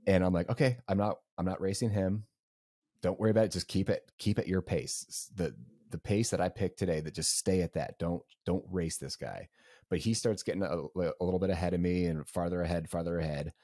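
A man's voice: sits low, fairly quick, warm tone, no room sound, clean studio sound. A young man co-hosting a podcast, telling a race story casually and rambling with lots of fillers. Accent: Southern US. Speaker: podcast co-host.

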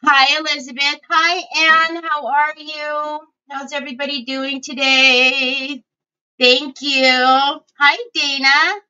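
A middle-aged woman hosts a craft livestream, chatting casually and greeting viewers by name. Her high voice barely moves in pitch and comes out slow, bright, and forceful, over dull lo-fi home stream audio.

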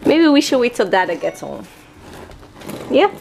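A woman's voice: on the high side, big pitch swings, measured pace, gravelly, darkish tone, a little hiss or hum. A woman filming a casual home vlog as a mother, playful and teasing, laughing often. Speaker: vlogger, mother.

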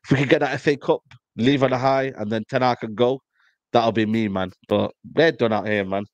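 A man's voice: medium pitch, fairly quick, no room sound. A man, a panelist on a football fan show, talking in casual slangy banter and telling stories with lots of "you know what I mean".

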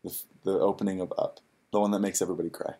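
A man's voice: deep voice, flat delivery, rapid-fire, mellow, husky. Playful young man hosting a livestream. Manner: playful, jokey, enthusiastic. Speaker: livestream co-host. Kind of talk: casual livestream Q&A.

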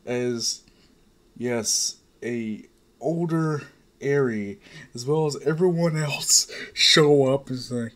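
A man's voice: mid-range voice, slow, a bit bright. A man casually retelling a fan fiction story in a rambling, off-the-cuff way, swearing freely.

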